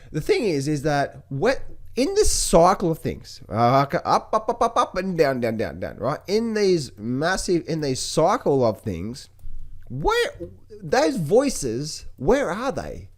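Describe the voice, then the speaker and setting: A man talking casually about markets to viewers, animated, repeating words and mimicking other people's voices. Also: on the high side. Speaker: trading educator. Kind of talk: casual market commentary to camera.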